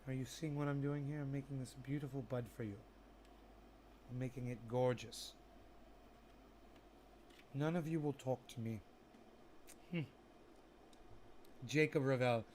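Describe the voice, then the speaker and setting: A man's voice: medium pitch, fairly even intonation, unhurried, long pauses, darkish tone. A man hosting a laid-back livestream in a mid-range voice, putting on a prim, proper English-sounding manner. He muses aloud theatrically and mocks himself, repeating his words with playful indignation. Faint noise hums underneath. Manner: affected, proper English-sounding persona delivery; theatrical, self-mocking, talks to himself while working. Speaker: livestream host. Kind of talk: casual livestream chat to viewers.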